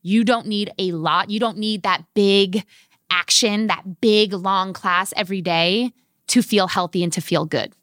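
A woman's voice: medium pitch, a little slow, no echo, clean studio sound. A woman in her thirties, a fitness instructor, telling stories animatedly as a guest in a podcast interview. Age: 30s. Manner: animated, vivid storyteller.

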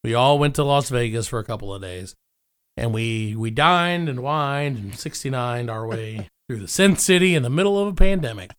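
A man's voice: medium pitch, animated, normal speed, fairly bright tone, clean tone. A young man hosting a podcast, joking and rambling in casual banter. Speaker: podcast host.

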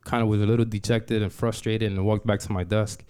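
A man's voice: on the low side, level tone, fairly quick, darkish tone, clean tone. A man telling a personal story to an audience, conversational and emphatic, leaning on "like" and restarting phrases as he builds tension.

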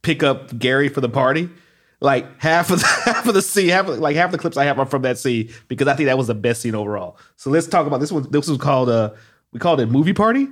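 A middle-aged man hosting a casual podcast chat, animated and laughing often. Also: medium pitch, fast. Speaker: podcast host.

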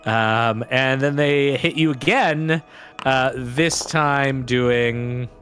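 A man narrating combat as game master in a tabletop game, in vivid, unhurried descriptions. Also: medium pitch, a bit bright, soft background music.

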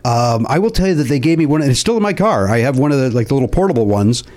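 A man's voice: medium pitch, animated, very fast, darkish tone. A man hosting a radio show, chatting casually with self-mocking humor and stammering restarts. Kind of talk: casual banter.

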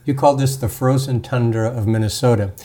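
A man's voice: mid-range voice, steady tone, a little fast, mellow, a little hiss or hum. A man who is a novelist, a podcast guest telling stories in an easygoing way with dry humor. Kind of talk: casual interview chat.

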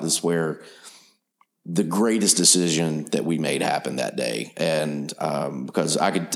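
Gravelly deep-voiced man. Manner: relaxed, rambling anecdotes. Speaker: film producer. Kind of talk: casual storytelling.

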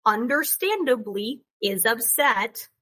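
A woman in her thirties hosting a podcast, telling a story in a chatty, animated way and laughing often. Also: fairly high pitch, takes it slowly, husky. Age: 30s. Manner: chatty and animated, laughs often, quotes people in other voices. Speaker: podcast host. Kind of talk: casual chat, telling a story.

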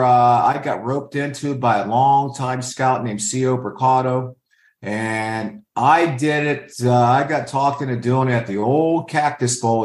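An older man working as a scout, answering interview questions with anecdotes and acting out what other people said. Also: mid-range voice. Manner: storyteller who acts out others' lines. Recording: roomy echo.

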